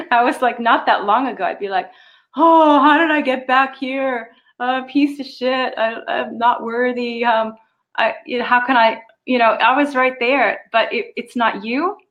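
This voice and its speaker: A woman's voice: medium pitch, a bit bright. A woman channels spiritual guidance on a live stream and answers viewer questions one by one. She talks in a loose, conversational way, laughs easily and lets the odd swear word slip.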